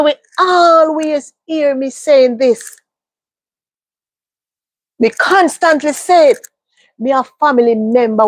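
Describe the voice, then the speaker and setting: A woman with a high voice talks straight to her viewers in a casual monologue. She hammers home her points by repeating them. The sound is dry and close, with no room around it. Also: no echo. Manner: emphatic, repeats phrases for stress. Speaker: livestream host.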